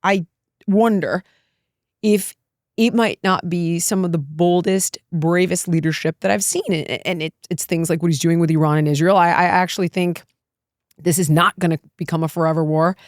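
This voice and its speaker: A woman's voice: lowish voice, steady tone, moderate pace, no echo, studio quality. Emphatic, opinionated middle-aged woman. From United States. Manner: emphatic, opinionated, laughs often. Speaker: guest. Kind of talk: candid political talk.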